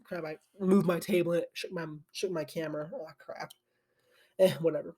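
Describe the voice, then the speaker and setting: A young man recorded at his desk, in a slightly high voice. He talks in a loose, sleepy ramble, and his thoughts keep looping back on themselves. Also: steady tone, brisk, darkish tone. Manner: loose and chatty, full of "like" and restarts. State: sleepy and yawning. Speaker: anime channel host. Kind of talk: casual rambling retelling. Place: home desk with a camera.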